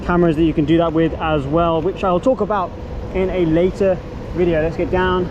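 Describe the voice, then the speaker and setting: A high-voiced man rambles excitedly while shooting photos out on a wet city street, soaked and swearing now and then. Loud rain and traffic noise surround his camera-mounted mic. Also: brisk, muffled recording. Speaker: street photographer and video creator. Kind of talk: casual point-of-view commentary while shooting. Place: outdoors on a rainy city street.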